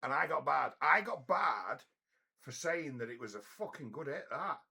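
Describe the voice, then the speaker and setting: A middle-aged man rambles his way through a casual story, blunt and full of profanity. His mid-range voice is gravelly and slightly raspy, yet it has a bright, forceful bite, and he talks briskly.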